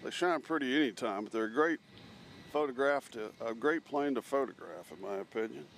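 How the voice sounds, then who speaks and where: A man's voice: medium pitch, expressive, a little fast, gravelly, fairly bright tone. Guy doing live plane commentary outside, chatty, a bit of outdoor hiss behind. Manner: chatty, reads out chat messages. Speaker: live stream host. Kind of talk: casual commentary while planespotting. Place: outdoors near an airport.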